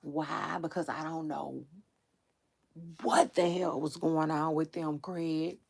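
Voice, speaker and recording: A woman's voice: sits low, fairly even intonation, gravelly. A woman hosting a celebrity gossip livestream, talking casually and rambling to her viewers with frequent laughs. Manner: chatty, drawn-out, rambling with laughs. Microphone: livestream setup.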